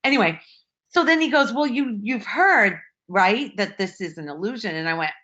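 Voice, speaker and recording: A woman's voice: medium pitch, expressive, normal speed, bright, forceful tone. Emotional woman retelling a story on a lo-fi call. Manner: emotional, breathless retelling with many restarts. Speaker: participant sharing a story.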